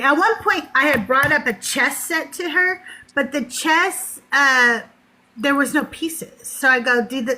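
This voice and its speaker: Middle-aged lady host telling a story, chatty, laughs a lot, high bright voice. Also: poor audio. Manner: chatty, laughs often, acts out quoted voices. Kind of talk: casual storytelling chat.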